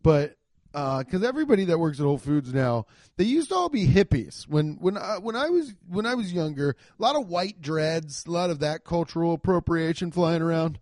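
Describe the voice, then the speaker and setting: Comic, profane tales come from a podcast host whose voice is fairly high and paced normally. He acts out quotes in goofy voices with animated energy, and the studio sound is clean with no room sound.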